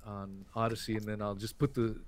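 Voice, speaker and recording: A man's voice: fairly low pitch, flat delivery, a little fast, dry recording. A man hosting a podcast in casual chat, rambling, repeating words and dropping "man" and "dude". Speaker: podcast host.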